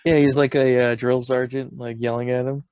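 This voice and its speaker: A young adult man co-hosting a podcast in a relaxed, rambling way, breaking into laughter as he retells scenes. His voice sits at an ordinary middle pitch. The recording is close and dry, with no room sound. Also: a little fast, clean tone, no room sound. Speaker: podcast co-host. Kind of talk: casual chat.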